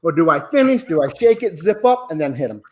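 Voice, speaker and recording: Brief: man in his sixties, loud, profane, casual storyteller with a fairly high voice. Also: very animated, fast talker. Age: 60s. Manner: rowdy, profane, laughing storyteller. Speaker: podcast regular telling a story.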